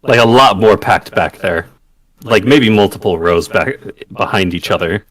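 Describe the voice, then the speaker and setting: A man describes his character's actions in a tabletop game at an unhurried pace. His voice sits low and the recording is dry and close. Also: fairly bright tone, dry recording. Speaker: player.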